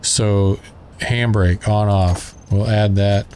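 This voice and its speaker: A man's voice: lowish voice, fairly even intonation, slow pace, a little mellow, slight background noise. A man with a Southern drawl chatting casually as he plays and narrates a building game, thinking aloud as he works. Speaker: gaming channel host.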